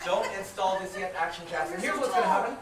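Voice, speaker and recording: A game show host running a live stage show, explaining rules and awarding points in a playful, quick way. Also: medium pitch, lively intonation, distant mic, crowd noise. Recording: echoey live stage from afar, noisy.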